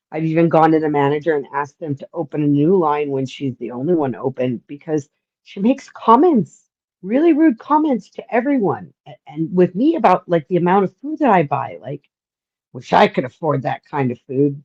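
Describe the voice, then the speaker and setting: A woman in casual chat telling an indignant, unhurried story. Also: deep voice, warm tone. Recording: dull, lo-fi sound.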